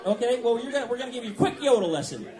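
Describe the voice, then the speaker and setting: High-voiced energetic man emceeing a concert. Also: racing. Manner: energetic, playful, leads the crowd. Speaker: singer and emcee. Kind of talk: live stage banter with crowd. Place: club concert stage. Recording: live concert recording, loud band. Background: live band music.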